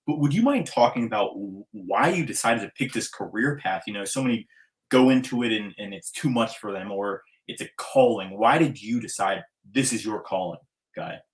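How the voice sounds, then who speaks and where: A man's voice: on the low side, lively intonation, normal speed. A man hosting a podcast interview, talking in an effusive, enthusiastic way, with hype-style introductions. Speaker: podcast host.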